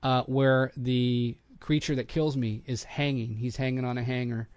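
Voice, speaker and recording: A middle-aged man tells a long anecdote in casual podcast chat, slipping into other people's voices for the quotes. His voice sits at an ordinary pitch. It is recorded dry and close, with no room sound. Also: moderate pace, smooth, no room sound. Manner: animated anecdote-telling, acts out quotes. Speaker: podcast host, voice actor.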